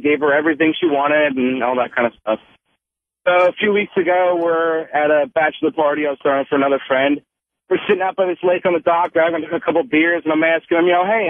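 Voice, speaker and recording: A man's voice: on the high side, no echo. A man calling in to a radio show, telling a long story in a rambling way with many fillers. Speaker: caller. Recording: tinny phone line.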